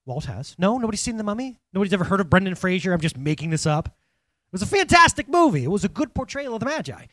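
A man's voice: high-pitched, fast talker, dry recording. A man preaching a sermon in a casual, conversational way, asking the congregation questions as he goes. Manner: conversational, animated, talks to congregation directly. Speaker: pastor.

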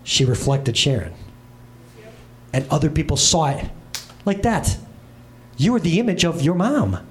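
A pastor, a man in his thirties, gives a funny sermon on a church stage, using lively comic voices and rapid asides in his storytelling. His pitch is slightly high, and there's a bit of background noise.

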